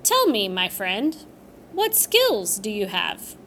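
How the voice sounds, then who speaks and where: Gentle generous lord as a woman reads him, measured questions, lower than her narration, slow storybook pace. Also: wildly swooping pitch, slight background noise, full character voice. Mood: kindly curious. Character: generous kind male nobleman, calm host.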